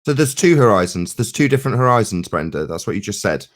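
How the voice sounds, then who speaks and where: A man in a live debate, mocking and combative, stressing words slowly for emphasis. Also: on the low side, very animated. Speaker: debate participant.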